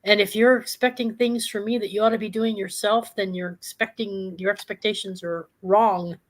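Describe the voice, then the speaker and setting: A woman hosting a live talk show, telling a calm, reflective story from her own past. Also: mid-range voice, moderate pace. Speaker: host.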